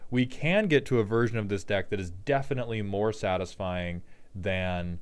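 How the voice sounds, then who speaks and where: A man hosting a relaxed card game deck breakdown, cracking jokes and dropping profane asides as he rambles. His voice sits on the lower side and comes through smooth and clean. He talks like he's chatting with friends. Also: normal speed. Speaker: host.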